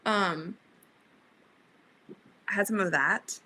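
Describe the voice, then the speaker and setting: A woman's voice: mid-range voice, expressive, normal speed, sharp tone, poor audio. A young woman hosting a casual livestream, chatting with viewers, reading their comments aloud and laughing often, a bit sleepy. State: sleepy, yawning. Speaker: livestream host.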